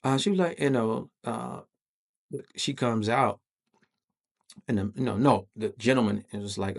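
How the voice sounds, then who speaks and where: Gravelly-voiced guy hosting a podcast, telling a story loose and slangy, lots of cussing. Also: mid-range voice, lively intonation, normal speed. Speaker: podcast host. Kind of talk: casual personal storytelling.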